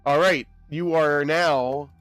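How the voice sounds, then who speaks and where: A young man streaming a game, chatting casually with his audience in an excitable, rambling way with quick laughs. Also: on the high side, no echo, soft background music. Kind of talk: casual live-stream chat while gaming.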